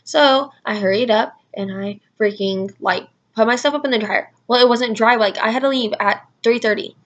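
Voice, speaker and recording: A young woman rambles through a story in a casual vlog, dropping "like" constantly. Her voice sits fairly high and a bit bright, at a normal speed, and the recording has its highs cut off.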